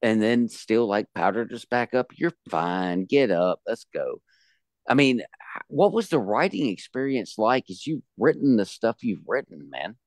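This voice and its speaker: A man hosting a podcast, joking and talking in a loud, animated way. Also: medium pitch, moderate pace, no echo, clean studio sound. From United States. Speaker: podcast host. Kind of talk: casual podcast chat.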